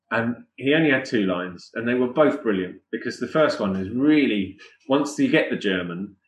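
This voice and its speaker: Low-voiced man telling stories. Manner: animated, chatty anecdotes with laughs. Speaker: guest musician. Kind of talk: casual podcast storytelling. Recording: echoey room.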